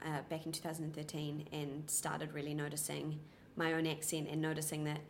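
A young woman with a soft, well-spoken New Zealand accent, answering interview questions casually with many ums and restarts. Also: deep voice, completely flat delivery, brisk, a little hiss or hum.

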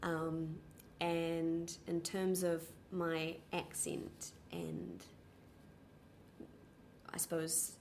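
Young kiwi woman, soft nz accent, lots of ums and pauses, pretty monotone low voice. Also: a little hiss or hum. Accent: soft New Zealand. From New Zealand. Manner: hesitant, many ums and restarts. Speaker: interviewee. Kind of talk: casual interview answers.

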